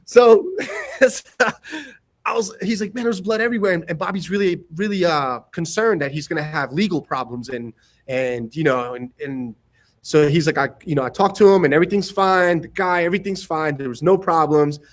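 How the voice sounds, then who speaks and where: High-voiced man telling a lively story. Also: moderate pace. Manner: animated anecdotes, acting out other people's lines and laughing often. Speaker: martial arts instructor, podcast guest. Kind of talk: casual storytelling.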